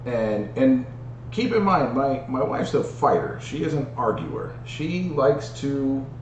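A man candidly telling a personal story in casual podcast chat, animated and full of restarts. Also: mid-range voice, slow, roomy sound, recorded from a distance, slight background noise, rough recording. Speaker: podcast co-host.

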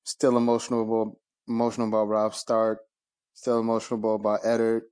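A man's voice: fairly low pitch, monotone, moderate pace, darkish tone. A man co-hosting a podcast, chatting in a loose, laid-back way and laughing often. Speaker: podcast co-host. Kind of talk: casual chat.

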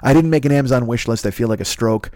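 A man's voice: mid-range voice, quick pace, a little mellow, no room sound, clean studio sound. A man from Chicago hosting a podcast from home, delivering a profane, exasperated comedic solo rant. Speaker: podcast host. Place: his home.

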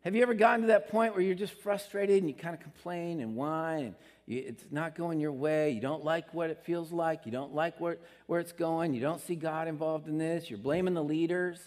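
A male pastor with a fairly high voice delivers his sermon in an earnest, conversational tone, pushing up in pitch when he stresses a point. A long reverb hangs behind him, like a large sanctuary. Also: fairly even intonation, a little fast, few pauses, a little mellow. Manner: earnest, conversational preaching with rising emphatic peaks.

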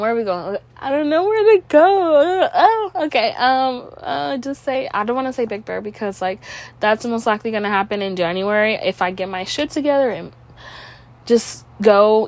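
Young woman podcasting solo, kinda stuffed up, rambly and cussing, slightly high voice. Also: normal speed. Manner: rambling, full of "like", casual swearing. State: stuffy nose. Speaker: podcast host. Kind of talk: casual solo podcast chat.

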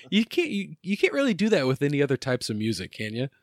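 A man's voice: on the high side, no echo, studio quality. A man hosting a podcast, chatting in a jokey way and laughing easily. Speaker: podcast host. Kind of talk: casual chat.

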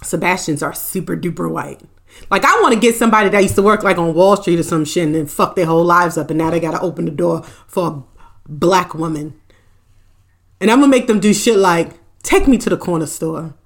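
A woman's voice: lowish voice, brisk, vocal fry. A young woman hosting a podcast, chatting casually with live viewers, joking and swearing and laughing often. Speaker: podcast host.

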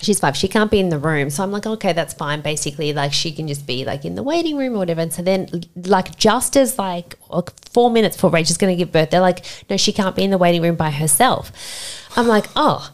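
A woman, a podcast guest telling an emotional story in animated conversation, acting out quoted voices. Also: lowish voice, fast talker. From Australia.

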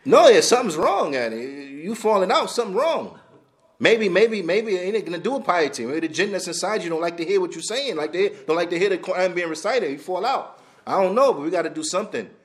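A man teaching a class on hadith, talking bluntly and casually with lively asides, dropping Arabic terms into his English. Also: high-pitched, a little fast. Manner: animated, blunt street-style talk, laughs, mixes in Arabic terms. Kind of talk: lecture on hadith.

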